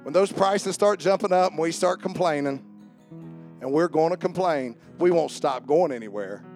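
A pastor delivers a sermon in a somewhat high voice. He moves between fervent shouting and quiet, earnest calls to prayer. A guitar plays faintly behind him. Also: expressive, normal speed. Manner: shouting, fervent preaching that drops to a hushed prayer.

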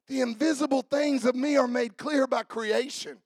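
A man preaching a sermon, swinging from shouted fiery passages to quiet asides. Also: extremely high pitch, steady tone, moderate pace, hardly any pauses, no room sound, clean studio sound. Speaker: pastor.

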